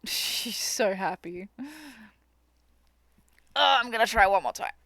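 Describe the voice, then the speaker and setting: A woman's voice: mid-range voice, animated, slow pace, vocal fry, a bit bright, no room sound. A woman streaming a game and chatting casually with her viewers, sometimes cooing in baby talk at her cat. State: worn out. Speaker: live streamer. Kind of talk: casual live-stream chat while gaming.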